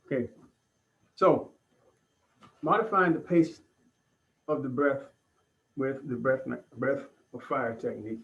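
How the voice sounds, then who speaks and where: A man teaching breathing techniques in an online class, giving calm, deliberate instructions with pauses. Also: mid-range voice, highs cut off. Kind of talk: guided breathing lesson.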